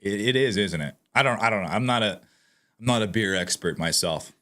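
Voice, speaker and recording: A man with a bright, ringing voice delivers sarcastic commentary and speaks straight to his viewers. His pitch swings widely and he sounds animated throughout. It has the easy, casual feel of a vlog. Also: a little fast. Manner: sarcastic, mocking; animated, addresses viewers directly. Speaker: political commentator.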